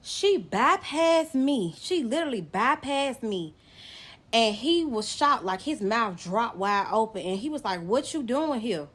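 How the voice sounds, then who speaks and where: A young woman vlogger telling a personal story straight to camera, animated and emotional, speaking directly to her viewers. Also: a little high, a little slow. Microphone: phone or camera facing the speaker.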